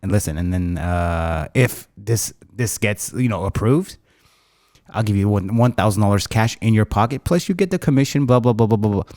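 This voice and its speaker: A man voicing a pushy male customer with an Armenian accent who talks low and insistent, trying to get a stolen card rung up. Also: animated, normal speed, darkish tone, no room sound, studio quality. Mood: conspiratorial. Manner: low, insistent, conspiratorial, calls everyone bro.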